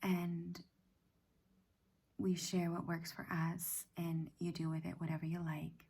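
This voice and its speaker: A middle-aged woman hosting a reflective self-help talk, speaking softly and often in a half-whisper, gentle and halting. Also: lowish voice, level tone, breathy edge. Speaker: self-help practice host. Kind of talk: soft-spoken personal reflection.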